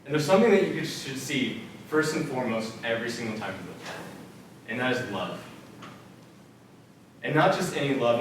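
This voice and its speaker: Speaking to students in the multipurpose room of a church center, a young man gives an earnest, casual faith talk, filling his stories with "like" and "um." He has a mid-range, fairly bright voice. Heard from far off in a very echoey room, the audio carries a little hiss or hum.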